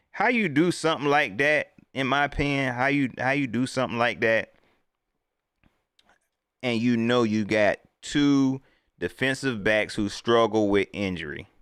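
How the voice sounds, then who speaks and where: Animated, dry-sounding fan host man. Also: measured pace, pauses often, smooth, dry recording. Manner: animated, swinging between loud outbursts and low mutters; Southern colloquial speech, mocking impressions of coaches. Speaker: sports fan channel host. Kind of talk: casual fan commentary to a livestream.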